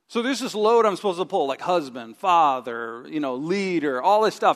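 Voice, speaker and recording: A middle-aged male pastor preaching a sermon with a live stage demonstration, animated and acting out his own inner voice with groans. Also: fairly high pitch, moderate pace, hardly any pauses. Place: church sanctuary. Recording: long reverb of a large hall.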